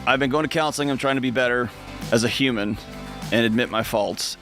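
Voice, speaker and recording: A man's voice: mid-range voice, a little fast, over music. A man co-hosting a call-in radio show, joking playfully and teasing himself. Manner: playful, animated, self-mocking. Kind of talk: lively talk radio banter.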